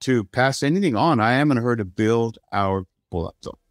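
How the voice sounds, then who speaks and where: A man's voice: medium pitch, lively intonation, a little fast, no room sound, clean studio sound. A middle-aged man from the United States, a guest in an interview, talking earnestly and with emphasis, often restarting his sentences. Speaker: guest, streaming platform founder. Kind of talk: conversational interview.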